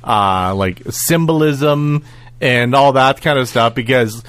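A man co-hosting a casual cartoon review podcast, animated and giggly, acting out lines as he recaps. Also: mid-range voice, takes it slowly, dry recording. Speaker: podcast co-host.

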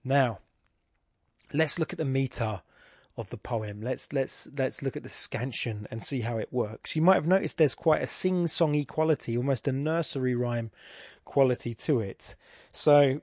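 A man's voice: mid-range voice, moderate pace, a little mellow, dry recording. Rambling man with a dry close mic. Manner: rambling and self-deprecating, many restarts. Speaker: podcast host. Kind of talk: casual poetry analysis.

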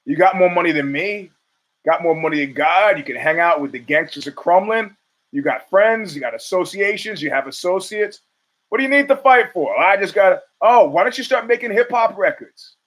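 A male podcast host riffs through a blunt, profane commentary monologue. His voice sits a little high for a man, and he barrels through his opinions. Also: lively intonation, normal speed, a bit bright, rough recording.

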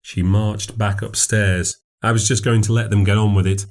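A man narrating a ghost story in a measured, steady way. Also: on the low side.

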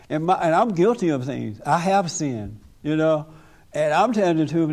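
A man's voice: on the high side, big pitch swings, moderate pace, darkish tone. A man leading a group talk as pastor, preaching emphatically and laughing often.

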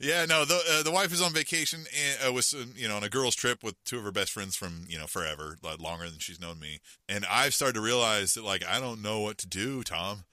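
A man's voice: lowish voice, fairly quick, hardly any pauses, bright, forceful tone, dry recording. A middle-aged man co-hosting a podcast, telling a rambling, self-mocking story in casual chat with lots of fillers. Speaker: podcast co-host.

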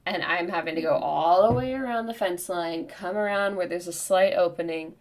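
A woman in her thirties co-hosting a podcast, telling a comic story in an animated, profane way. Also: lowish voice, moderate pace. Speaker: podcast co-host. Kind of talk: casual storytelling chat.

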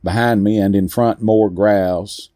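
Low, dark-voiced male storyteller. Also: fairly even intonation, dry recording, clean studio sound. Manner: slow, deliberate, with weighty pauses. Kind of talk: dramatic first-person story narration.

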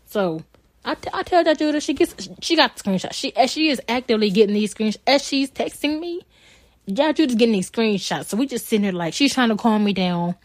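A woman's voice: fairly high pitch, animated, a little fast, dry recording. Blunt woman telling a story. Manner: blunt, heated storytelling with frequent swearing. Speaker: podcast co-host. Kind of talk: casual storytelling chat.

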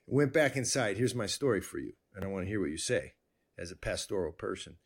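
A man hosting a conversation, telling a personal story in a rambling, animated way with many restarts. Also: low voice, fairly quick, husky. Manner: rambling, self-interrupting, animated. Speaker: podcast host.

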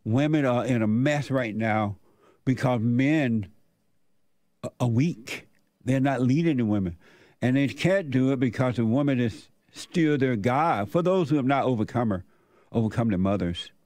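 A man's voice: medium pitch, expressive, normal speed, a little mellow, no room sound. Preachy older man hosting talk radio. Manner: preachy, repetitive, emphatic. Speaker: radio show host. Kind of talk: opinionated talk radio commentary.

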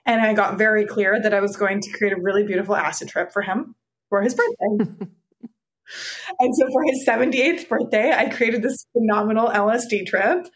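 A woman's voice: medium pitch, moderate pace. A woman, a psychotherapist and guest on an interview podcast, talking in an earnest, reflective storytelling way.

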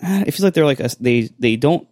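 A man's voice: on the high side, lively intonation, brisk, darkish tone, dry recording, clean studio sound. A man in a casual podcast chat, hesitant and searching for words.

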